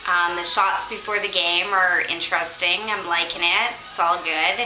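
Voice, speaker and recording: A woman's voice: fairly low pitch, steady tone, moderate pace, pushed and bright, reverberant, poor audio. A woman vlogging unscripted from her condo, rambling with lots of ums and laughs. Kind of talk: unscripted casual chat to camera.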